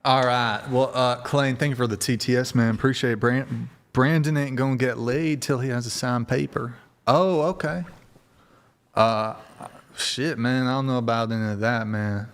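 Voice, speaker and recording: A man's voice: medium pitch, moderate pace, clean tone. A man with a Southern American accent hosting a live-streamed debate show, talking bluntly and swearing often. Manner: crude, swears a lot, blunt. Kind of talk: casual live-stream chat.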